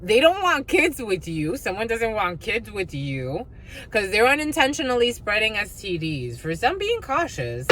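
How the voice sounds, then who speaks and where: A woman's voice: medium pitch, big pitch swings, moderate pace, a bit bright, low-quality recording. A woman doing a casual tarot energy reading, blunt and profane, with sing-song asides and mocking voices.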